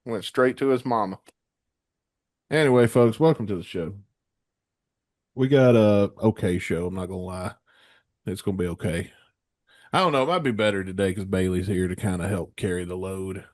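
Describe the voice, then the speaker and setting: Low-voiced man with a cold, hosting a rowdy podcast, profane, dry sound. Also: normal speed, long pauses, a little mellow, no room sound. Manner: profane storytelling, stammering restarts. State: sick with a cold. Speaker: podcast co-host. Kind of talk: casual rowdy chat.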